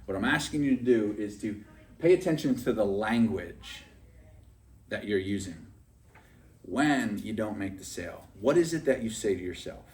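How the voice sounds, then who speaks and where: A man gives a chatty, motivational sales training talk, often asking "right?" to check in with his listeners. His medium-pitched voice is a little mellow and sounds recorded from a distance.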